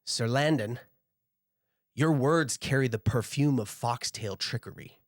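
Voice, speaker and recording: Picture a young bespectacled soldier, suspicious and defiant, speaking formally and cuttingly in a tabletop game, as a game master puts him on. The sound is dry and close. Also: male voice, mid-range voice, unhurried, no echo, natural voice.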